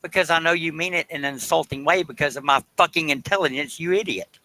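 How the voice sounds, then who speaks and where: A man's voice: on the high side, quick pace, pushed and bright, rough recording. Combative, sarcastic man on voice chat. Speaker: participant in a voice chat argument. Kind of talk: heated voice chat argument.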